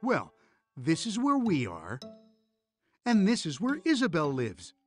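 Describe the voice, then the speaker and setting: A man voicing a kind, calm father in a preschool cartoon, speaking reassuringly. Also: high-pitched, measured pace, soft background music, exaggerated voice. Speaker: father character.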